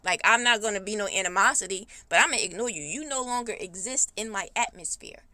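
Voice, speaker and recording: A woman hosting a podcast, telling a personal story in a blunt, heated, animated way with speech. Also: medium pitch, quick pace, dry recording. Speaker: podcast host. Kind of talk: casual storytime monologue.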